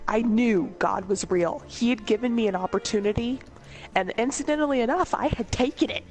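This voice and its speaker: A woman's voice: a little high, a little fast, soft background music. A woman telling comedic stories in a casual, rambling way, laughing often and swearing freely. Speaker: storyteller host.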